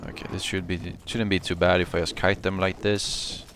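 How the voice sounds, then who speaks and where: A man giving live commentary on his own gameplay, excitable, swinging between muttering and yelling, and cursing often. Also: low-pitched, normal speed, background noise. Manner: curses often. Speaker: gameplay streamer.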